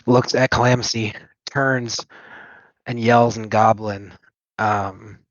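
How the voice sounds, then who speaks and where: A man's voice: medium pitch, little pitch movement, slow, no echo. A man narrating as game master of a tabletop game, describing scenes loosely with fillers and chuckles. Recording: dull lo-fi dry mic.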